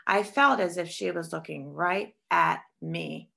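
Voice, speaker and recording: Woman reading a kids book out loud, expressive, lots of gravel and fry in her voice. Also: on the low side, unhurried. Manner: expressive storytelling. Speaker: storybook reader. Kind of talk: reading a picture book aloud.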